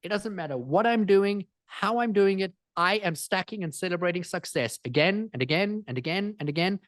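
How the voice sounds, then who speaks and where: A man speaking as a guest in an interview, energetic and emphatic, driving points home with repetition. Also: sits high, moderate pace, no echo, clean studio sound. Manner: energetic, emphatic, repeats phrases for effect. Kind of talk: animated interview storytelling.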